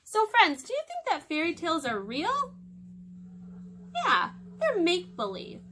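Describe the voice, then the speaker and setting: A woman hosting storytime for children, reading a fairy tale aloud in a lively, expressive way. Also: very high voice, unhurried, a little hiss or hum.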